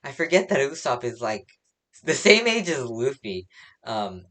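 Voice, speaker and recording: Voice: medium pitch, sing-song, a little slow, a bit bright. A reviewer casually recapping a comic chapter, rambling with many fillers and laughing at their own slips. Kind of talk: casual spoken recap and opinion.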